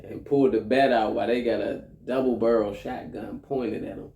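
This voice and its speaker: A man with a gravelly, mellow voice chats casually about a movie, retelling scenes with animated energy and salty language. He sounds like he is in an echoey room. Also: on the low side, brisk, dull audio. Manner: animated retelling, profane, acts out quoted lines. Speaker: movie review co-host. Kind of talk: casual chat.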